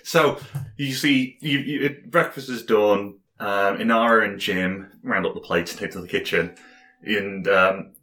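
A man narrating as game master of a tabletop game, halting, with frequent fillers and restarts. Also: fairly low pitch, pushed and bright. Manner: hesitant, many fillers and restarts.

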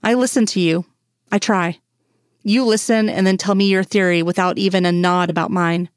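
A woman voicing an exasperated grown woman, a sharp FBI doctor, in a fan story reading. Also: on the low side, fairly even intonation, moderate pace, no room sound, studio quality, natural voice. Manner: exasperated, pleading.

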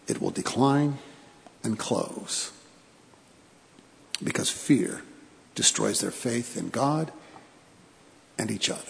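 A man pastor delivering a sermon in a church, telling stories with pauses for emphasis and repeated phrases. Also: medium pitch, creaky. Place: church sanctuary. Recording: long church reverb.

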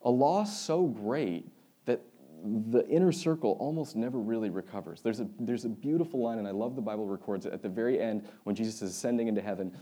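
A man preaches a sermon in a relaxed, conversational manner, retelling the story with wry asides. His voice sits somewhat low and sounds mellow and warm. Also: brisk.

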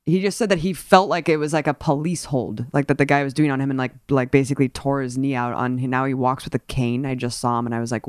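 A woman's voice: deep voice, darkish tone, dry recording, studio quality. A woman hosting a casual political discussion, indignant and rambling with many fillers. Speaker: political commentary host.

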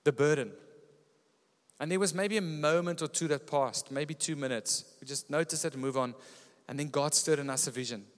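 A man preaching a sermon as pastor, telling stories with lively energy. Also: a little high, moderate pace, in a large hall. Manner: lively storytelling preacher, often laughing. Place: church.

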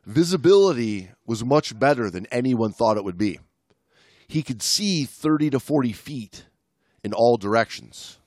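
A man's voice: medium pitch, measured pace, dry recording, studio quality. A man co-hosting a history podcast, chatting loosely and reading a rescue account aloud. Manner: relaxed, with many fillers and restarts. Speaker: podcast co-host. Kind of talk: casual chat and read history narration.

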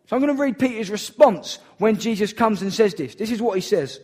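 A man's voice: high-pitched, animated, a little fast, a little mellow. A man preaching a sermon in an earnest, emphatic way, repeating key phrases for weight.

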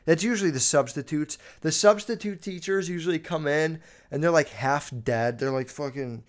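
A man's voice: on the high side, moderate pace. Rambling, foul-mouthed young man. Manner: crude, rambling, swears constantly. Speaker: podcast host. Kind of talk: casual storytelling monologue.

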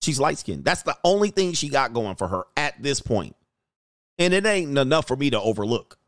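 Blunt, animated male dating coach. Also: medium pitch, normal speed, no echo, studio quality. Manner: blunt, animated storytelling with frequent laughs. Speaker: dating coach reacting to clips. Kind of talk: casual commentary.

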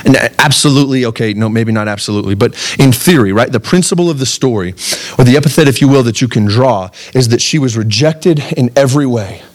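A young adult man preaching to his congregation in a medium voice, neither high nor low. He is earnest and animated, and he keeps checking whether his listeners follow him. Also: fast talker. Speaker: pastor. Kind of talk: sermon.

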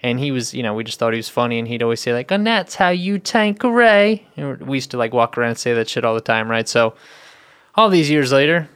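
A man in his thirties tells a story in a loose, animated and profane way. His voice is smooth and clear at a middle pitch, and it sounds dry and close to the mic. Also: fast talker, no room sound. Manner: rambling, animated, profane, heavy "I was like". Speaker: podcast co-host. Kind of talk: casual storytelling chat.

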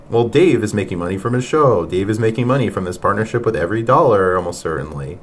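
Male podcast host, deepish voice, mocking and exasperated, faint noise behind. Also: lively intonation, fast, few pauses. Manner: mocking, exasperated, laughs often. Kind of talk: reaction commentary podcast.

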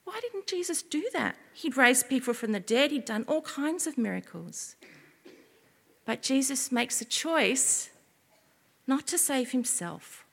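A woman giving an expressive children's sermon as a preacher, often asking her listeners questions. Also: high voice, measured pace, vocal fry, long reverb tail.

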